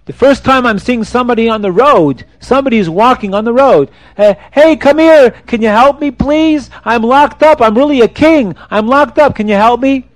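A man voicing a lonely imprisoned king who calls out and pleads loudly for help. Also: very high voice, expressive, a little fast, hardly any pauses, dry recording, pitched above the performer's own voice. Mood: pleading.

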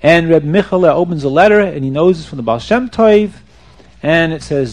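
A man telling a story to children, animated and checking that his young listeners are following along. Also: on the high side, normal speed.

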